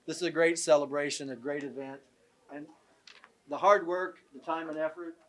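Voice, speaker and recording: A man's voice: fairly high pitch, fairly even intonation, normal speed. An older man from southern Illinois giving a folksy, joking speech at a tribute event in an event room. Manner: folksy, joking, self-deprecating. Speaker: guest speaker at a tribute event. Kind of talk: after-dinner speech with jokes and stories.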